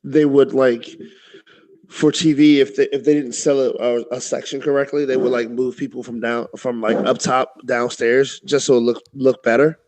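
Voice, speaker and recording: A man co-hosting a casual wrestling podcast, talking in a relaxed, sometimes halting way. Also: medium pitch, rough recording. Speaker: podcast co-host.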